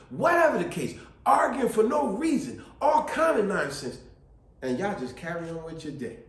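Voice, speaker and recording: A man giving casual family advice, preachy and animated, repeating his points. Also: sits high, reverberant. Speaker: video host.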